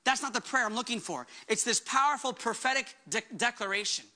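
A woman's voice: on the high side, brisk, bright, forceful tone. A woman pastor delivering a sermon with emphatic preaching, acting out the words she quotes.

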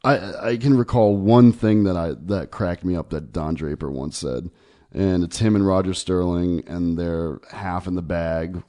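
A man's voice: sits low, steady tone, a little slow, warm tone. A man co-hosting a podcast in casual chat, loose and laughing easily. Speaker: podcast co-host.

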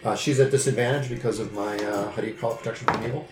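A man's voice: lowish voice, fairly even intonation, rapid-fire, reverberant, music in the background. A man playing a tabletop game, talking through his turn with fillers. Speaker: player.

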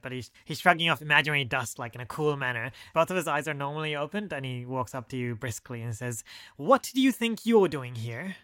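A man narrating a tabletop role-playing game as game master, relaxed and unhurried, with frequent fillers. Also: medium pitch, smooth, no echo, studio quality.

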